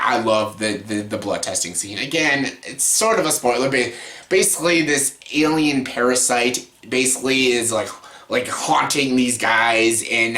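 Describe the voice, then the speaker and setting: A man's voice: medium pitch, bright, forceful tone. Enthusiastic rambling man, echoey room. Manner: enthusiastic, rambling, many fillers and restarts. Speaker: movie reviewer. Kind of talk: casual vlog talk.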